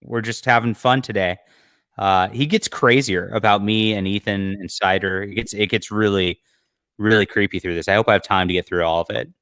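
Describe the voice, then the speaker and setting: A livestream host with a lowish male voice talks bluntly, mocking what he is watching and filling gaps with "uh" and "like". The sound is close and dry. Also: fairly even intonation, a little fast, fairly bright tone, smooth, no room sound. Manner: blunt, mocking commentary with frequent fillers. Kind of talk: casual commentary over a clip.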